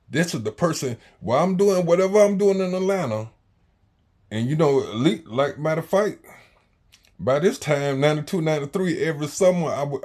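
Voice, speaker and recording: A man, telling a story in slangy casual talk that swings between loud and quiet. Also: a little high. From Jacksonville, Florida, US. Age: 40s.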